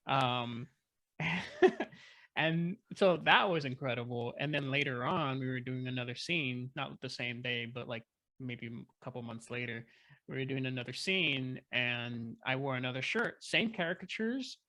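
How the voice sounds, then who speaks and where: A man chatting as an interview guest, telling a story in an excited, rambling way with lots of fillers. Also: medium pitch, measured pace, no room sound. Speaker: guest filmmaker. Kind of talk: casual storytelling.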